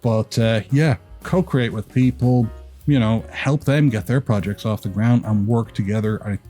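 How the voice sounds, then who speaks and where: A man with a somewhat low, mellow voice and an Irish accent softened by years of American speech. He rambles through casual advice for a vlog, with self-deprecating jokes along the way. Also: husky. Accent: Irish, partly Americanized. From Ireland. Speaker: YouTube creator.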